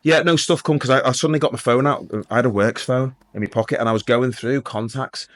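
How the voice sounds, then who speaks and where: A man's voice: mid-range voice, fast talker. A middle-aged man, a police sergeant telling his story in a casual interview, acting out the dialogue. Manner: lively anecdotal, acts out dialogue.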